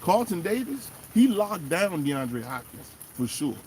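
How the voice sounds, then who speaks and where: A man hosting a fan show, giving animated, emphatic casual commentary and talking straight to the players. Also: sits high, measured pace, a little hiss or hum. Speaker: sports fan show host.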